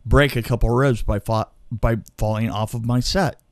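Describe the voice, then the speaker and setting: A man's voice: medium pitch, steady tone, normal speed, a little mellow, dry recording, clean studio sound. A man telling a long personal story in casual chat, laughing often and restarting his sentences. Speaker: storyteller guest. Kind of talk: casual anecdote.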